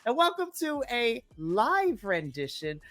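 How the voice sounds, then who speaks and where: A man's voice: extremely high pitch, wildly swooping pitch, measured pace, a bit bright. A young adult man co-hosting a late-night wrestling podcast with playful, theatrical chatter. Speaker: podcast co-host.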